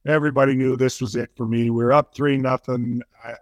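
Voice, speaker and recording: An older man, a former hockey player, telling a story in an interview, animated and full of restarts. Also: mid-range voice, quick pace, no echo.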